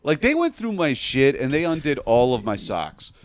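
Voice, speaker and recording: A young man, a podcast guest, telling a long story in a casual, animated way and laughing at his own tale. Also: mid-range voice, moderate pace, dry recording.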